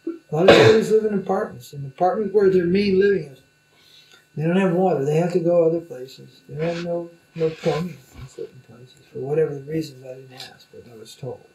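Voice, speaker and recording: A man's voice: on the high side, fairly quick, darkish tone, echoey room, a little hiss or hum, rough recording. A man who is a spiritual teacher, talking informally in loose, rambling speech with many fillers. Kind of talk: informal conversation.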